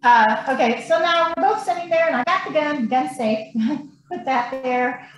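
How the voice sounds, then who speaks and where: Woman, high voice, animated blunt storyteller, swears, very echoey room, faint background noise. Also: measured pace. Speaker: podcast guest. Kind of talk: casual storytelling.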